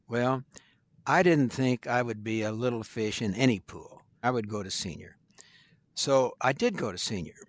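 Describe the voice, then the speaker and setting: An older man from Missouri, a guest attorney, telling stories in a folksy, unhurried way in an interview. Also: medium pitch, no room sound. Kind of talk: storytelling in an interview.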